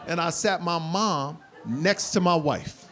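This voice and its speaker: A man in his forties performing stand-up on stage in front of a live audience, telling stories animatedly and bursting into loud impressions. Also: fairly high pitch, slow, a loud crowd, heavy background noise. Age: 40s. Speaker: stand-up comedian. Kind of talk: stand-up comedy.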